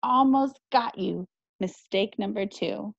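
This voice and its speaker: A woman's voice: mid-range voice, slow pace, vocal fry, no echo. A woman doing a plucky young girl. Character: spunky young girl climbing a tree. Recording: dry, slightly muffled recording.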